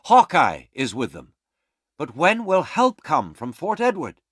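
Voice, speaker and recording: A man's voice: fairly high pitch, huge pitch swings, a little slow, a bit bright, husky, dry recording, clean studio sound, pitched above the performer's own voice, full character voice. A man voicing a young army officer in a storybook reading, speaking with raised urgency. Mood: urgent.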